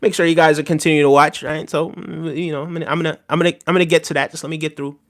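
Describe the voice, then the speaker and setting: A man's voice: a little high, level tone, rapid-fire, a bit bright. A man casually chatting on a live stream about politics, mocking and talking straight to his viewers' messages. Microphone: desk microphone.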